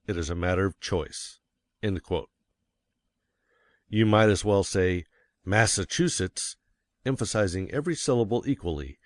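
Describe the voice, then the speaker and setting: A man reading a nonfiction book aloud as an audiobook narrator, measured and stressing key words. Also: deep voice, no echo. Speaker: audiobook reader. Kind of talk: scripted narration.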